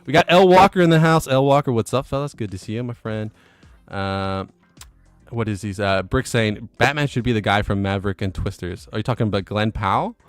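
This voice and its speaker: Male stream host, low voice, easygoing, reads chat aloud. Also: brisk, dry recording, faint music behind. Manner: relaxed, chuckles between comments. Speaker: livestream host. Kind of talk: casual livestream chat reading viewer comments.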